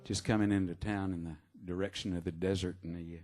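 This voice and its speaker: Singer-songwriter, low voice, halting onstage yarn-spinner over guitar. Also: male voice, flat delivery. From Texas. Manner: rambling, halting storyteller with many fillers. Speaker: singer-songwriter performing live. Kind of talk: stage banter between songs. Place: live music venue. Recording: live concert with guitar playing. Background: guitar music.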